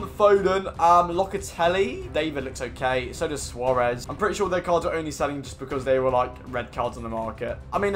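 A young man giving casual, slangy pack-opening commentary as a gaming YouTuber, rambling with lots of fillers. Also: fairly high pitch.

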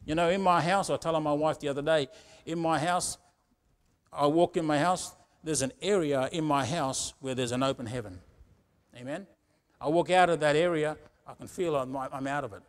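Middle-aged man, pastor, informal sermon delivery, a touch high-pitched, frequent call-and-response asides. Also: normal speed. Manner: conversational preaching with frequent "Amen?" asides.

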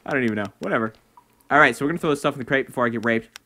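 A young man commentating his own game play at home, excitable, breaking into shouts and laughs at his wins. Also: mid-range voice, racing. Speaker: gaming video host. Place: home room.

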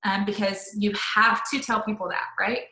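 A chatty, upbeat woman talks her team through how she messages new recruits. Her voice is bright and forward, with lots of "um" and "like" as she goes. The room around her rings with noticeable echo. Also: mid-range voice, fairly even intonation, normal speed. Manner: upbeat, chatty, says "um" and "like" often. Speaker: network marketing leader. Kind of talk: casual live-stream training talk.

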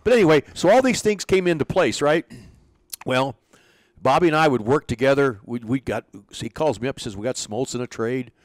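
An older man, a former pitching coach, telling stories in an interview and acting out the lines of people in them. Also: fairly quick, no room sound. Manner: animated storyteller, acts out quoted dialogue. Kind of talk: storytelling in an interview.

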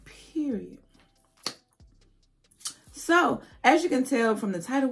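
A woman's voice: mid-range voice, slow, vocal fry, soft background music. A woman hosting a casual wig review vlog, chatty and playful, talking straight to her viewers. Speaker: beauty vlogger.

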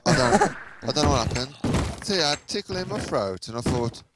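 A man's voice: mid-range voice, animated, fast talker, very noisy. A man chatting casually while playing a game, exclaiming and swearing mildly as he goes. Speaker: gamer co-host. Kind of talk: casual gameplay chat.

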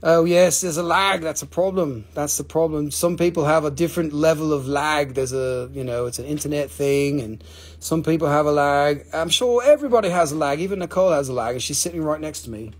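A man's voice: a little high, brisk. A man hosting a live stream to sell crystals, talking casually, swearing freely and counting down each sale.

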